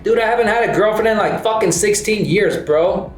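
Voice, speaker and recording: A man's voice: high-pitched, fairly quick, few pauses, a little hiss or hum. A man ranting casually, swearing constantly and tossing "bro" and "dude" into almost every line. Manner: profane, repetitive, fills lines with "bro" and "dude". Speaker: host. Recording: roomy echo with faint music.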